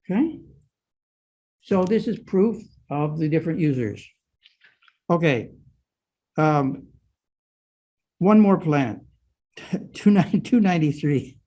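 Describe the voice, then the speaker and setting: A man's voice: a little high, expressive, takes it slowly, long pauses, mellow. An older man giving a guided lecture on an old manuscript, explaining step by step and often checking in with his listeners. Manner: explanatory, frequent "right?" checks.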